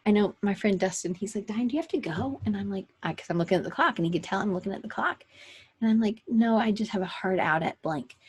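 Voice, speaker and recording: A woman's voice: medium pitch, fast, breathy edge. A woman hosting a weekly online session for creatives, chatting casually and rambling with fillers and self-corrections into a computer microphone. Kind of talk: casual live-stream talk.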